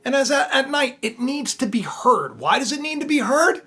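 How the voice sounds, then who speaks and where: A man retelling a Bible story in a casual, animated sermon, chatty and often laughing. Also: extremely high pitch, normal speed, slightly rough. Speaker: preacher, storyteller.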